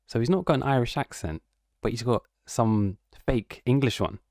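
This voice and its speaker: A man's voice: mid-range voice, moderate pace, darkish tone, dry recording, clean studio sound. A man giving casual, mocking reaction commentary in a slangy, incredulous tone. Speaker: online commentator.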